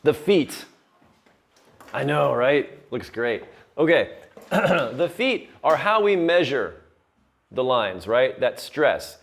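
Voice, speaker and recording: A man teaching a class on poetry terms, explaining slowly and patiently and often checking in with the students. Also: medium pitch, sing-song, gravelly. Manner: slow, patient, checks in with "right?". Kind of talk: classroom lecture.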